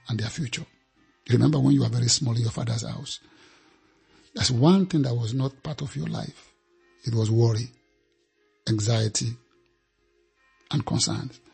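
A man's voice: medium pitch, gravelly, a little mellow, slightly rough. A man preaching a sermon, emphatic and repeating phrases for effect.

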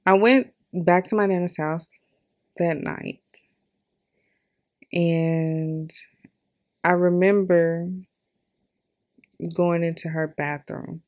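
Young female podcaster, storytelling monologue, candid, animated, lots of laughs. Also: on the low side, extremely slow, pauses often. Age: young adult. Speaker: podcast host. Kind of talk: personal storytelling.

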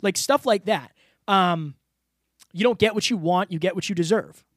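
Open and earnest, a man chats as a podcast guest in casual interview talk, sprinkling in lots of "like" and "you know." His high-pitched voice moves at a normal speed, captured in a studio-quality, echo-free recording.

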